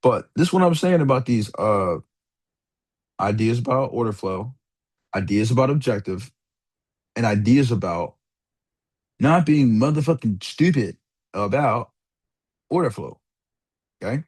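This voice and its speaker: A man's voice: medium pitch, lively intonation, measured pace, pauses often, darkish tone, husky. A young man giving a casual, rambling trading lesson over a screen share, full of slang and swearing. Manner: laid-back slangy rambling, swears freely, calls listener dog and bro. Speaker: trading mentor.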